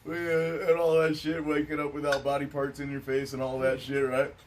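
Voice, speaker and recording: Man of middle pitch, host, loose and reflective, off-mic with light hiss. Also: flat delivery, a little fast. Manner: laid-back and musing, with many filler phrases. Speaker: podcast host. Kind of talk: casual stoner chat. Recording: distant mic with faint noise.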